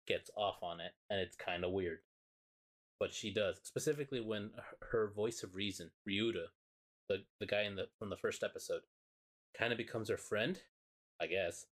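A man, a podcast co-host, excitedly and profanely retelling a show in casual chat. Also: on the low side, moderate pace.

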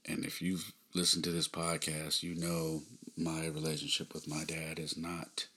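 Deep flat-voiced guy talking low and slow, bit sharp-edged tone, sighs a lot between words. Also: husky. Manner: subdued, sighing, halting. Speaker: podcast host. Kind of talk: personal storytelling monologue.

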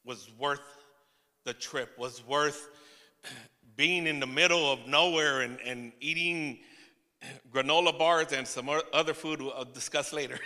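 A man preaching a testimony sermon to his church, telling the story with laughing asides and halting restarts. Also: fairly high pitch, pushed and bright, long reverb tail. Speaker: pastor.

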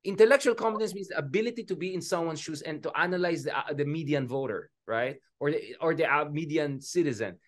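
Talking fast with hardly any pauses, a man with a slightly high voice and a Filipino accent discusses politics casually. He's animated, mixes Filipino and English, and calls his co-host "bro".

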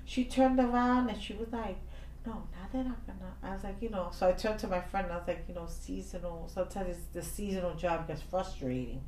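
A woman's voice: lowish voice, fairly quick, few pauses, darkish tone. A woman co-hosting a podcast, chatting casually and acting out the people in her stories. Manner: chatty storyteller, acts out quoted exchanges. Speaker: podcast co-host. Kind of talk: casual chat. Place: New York. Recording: echoey room, faint noise.

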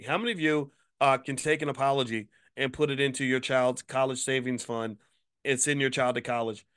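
Fired-up guy ranting on his show, cussing, lots of rhetorical questions, mid-pitched voice. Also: fairly bright tone, clear, resonant tone. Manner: profane, angry rhetorical questioning; promotional plugging. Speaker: host, finance commentator. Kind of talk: fired-up video commentary.

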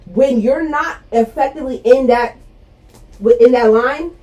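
Brief: woman in a heated casual debate, argumentative, slightly high pitch, mellow tone. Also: highs cut off. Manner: argumentative, halting restarts. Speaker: discussion participant.

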